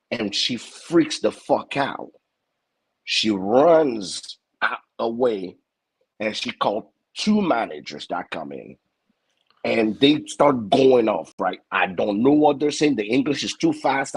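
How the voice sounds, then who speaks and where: Lively husky man. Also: on the low side, rough recording. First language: French. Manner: animated, stammering repeats, acts out other voices. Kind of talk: casual comic storytelling.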